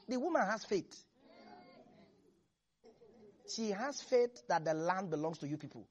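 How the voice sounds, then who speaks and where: A preacher delivering a lively sermon that swings between hushed asides and shouts. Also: medium pitch, a little fast.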